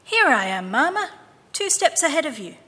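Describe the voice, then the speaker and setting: A woman's voice: big pitch swings, moderate pace, bright, forceful tone, in a large hall, exaggerated voice. A woman playing an eager little boy. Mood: excited. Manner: bouncy and high, blurting.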